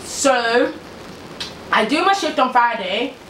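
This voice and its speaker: A young woman telling a storytime vlog in a lively, slangy way, laughing as she goes. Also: fairly high pitch, slow, a little hiss or hum. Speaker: vlogger. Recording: echoey room, distant mic.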